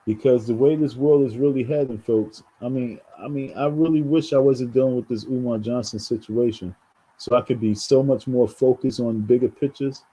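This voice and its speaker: He's a New York vlogger with a dark, slightly rough mid-range voice, talking at normal speed in a loose commentary monologue directed at viewers he calls folks. Words get repeated often, and the recording quality is rough.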